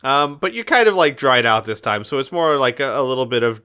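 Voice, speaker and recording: A man's voice: mid-range voice, animated, brisk, pushed and bright, clear, resonant tone. A man running a tabletop game as game master, narrating casually with many fillers and laughs.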